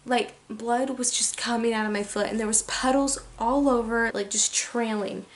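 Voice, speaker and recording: A young woman with a slightly high voice recounts a story for her vlog. She talks casually and animatedly, peppering every sentence with "like" and leaning into the drama. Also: fairly even intonation, normal speed. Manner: chatty, heavy use of "like". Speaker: vlogger.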